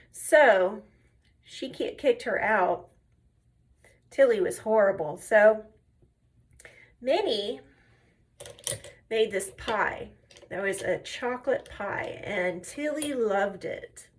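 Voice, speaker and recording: A woman chatting casually while doing her makeup, telling stories and talking through each step. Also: mid-range voice. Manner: chatty storyteller, drifts between tangents; step-by-step tutorial talk. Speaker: makeup and faith vlogger.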